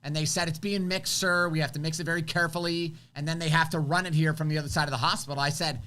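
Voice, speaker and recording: A man's voice: fairly high pitch, fast. A man co-hosting a live show, telling an emotional story and acting out what people said. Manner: animated, acts out quotes, swings loud and soft. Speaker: co-host.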